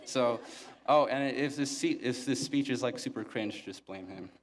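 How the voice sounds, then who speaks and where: A young man speaking from a podium as valedictorian, with a monotone delivery and deadpan, self-mocking humor. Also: medium pitch, normal speed, slight background noise. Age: young adult. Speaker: valedictorian giving a graduation speech. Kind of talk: graduation speech. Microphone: podium microphone.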